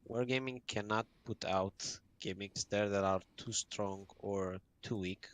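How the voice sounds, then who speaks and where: A man's voice: fairly low pitch, steady tone, unhurried, a bit bright. A man as a podcast guest, earnestly explaining game tactics in casual chat.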